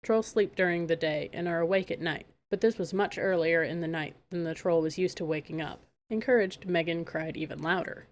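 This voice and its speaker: A woman narrating a fairy-tale audiobook in a calm, measured way. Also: deep voice. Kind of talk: storybook narration.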